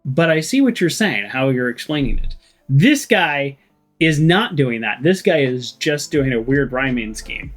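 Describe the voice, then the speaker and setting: A man's voice: medium pitch, sing-song, unhurried, a bit bright, faint music behind. A man commentating a game playthrough, joking and rambling, and reading the characters' lines aloud in playful voices. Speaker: let's play host.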